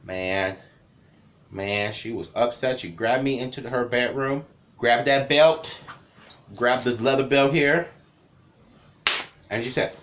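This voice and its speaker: A man's voice: medium pitch, slow, long pauses. A man in his thirties from the Cleveland area, telling childhood stories in a casual, rambling vlog with lots of repetition. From Cleveland area, Ohio. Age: 30s. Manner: rambling, repeats words, lively telling. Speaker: vlogger.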